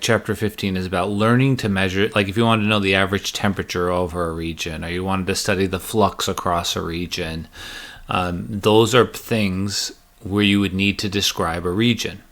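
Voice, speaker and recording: Male math lecturer, low-pitched, casual and joking while explaining step by step. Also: fairly bright tone. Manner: chatty, joking, walks through steps aloud.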